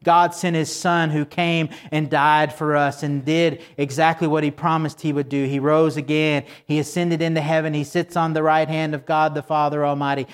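Conversational preacher, a man with a higher voice. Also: little pitch movement, smooth. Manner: conversational preaching, asks the congregation for responses; slows down for emphasis when quoting scripture. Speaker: pastor. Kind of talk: sermon.

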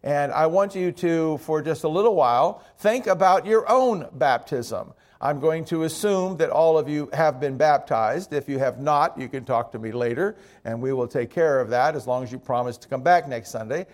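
A male pastor delivers a sermon with a relaxed, conversational manner. He slips in light joking asides, and his voice sits slightly high for a man. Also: normal speed, hardly any pauses.

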